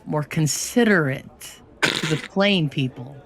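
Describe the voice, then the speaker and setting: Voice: medium pitch, takes it slowly, a bit bright. A guest on a stream, making dry jokes in casual chat.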